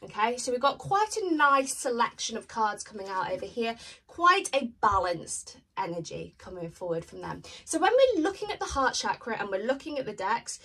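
A woman giving a pick-a-card tarot reading, chatting in a gently reassuring way. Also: fairly high pitch, breathy edge, recorded from a distance, poor audio. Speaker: tarot reader.

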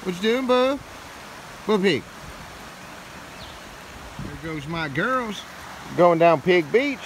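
A man vlogging casually outdoors by a creek, excited and playful, talking into a handheld camera. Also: high-pitched, slow, a little hiss or hum, rough recording. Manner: excited, playful, sing-song. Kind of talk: casual trail vlog chat.

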